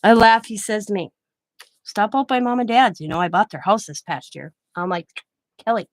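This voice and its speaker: A woman's voice: mid-range voice, animated, moderate pace, no room sound. A middle-aged woman hosting a craft livestream, chatting casually and rambling through anecdotes while she works. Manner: rambling anecdotes, quoting others in her own voice. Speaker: craft channel host.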